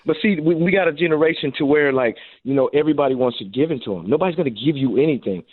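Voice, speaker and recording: Animated man on a tinny phone line. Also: fairly high pitch, racing, no echo. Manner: animated storyteller, acts out quotes. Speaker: guest, former NFL receiver and coach. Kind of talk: casual radio interview.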